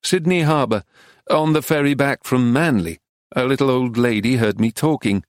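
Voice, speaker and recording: Male English narrator, mid-pitched, measured literary read, dry booth sound. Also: no echo. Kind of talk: audiobook reading of a travel memoir.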